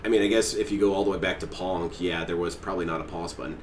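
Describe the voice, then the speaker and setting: A man's voice: low voice, steady tone, fast. A man streaming a reaction to a clip, ranting with sarcastic, exasperated mockery. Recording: echoey room, mic at a distance, faint noise.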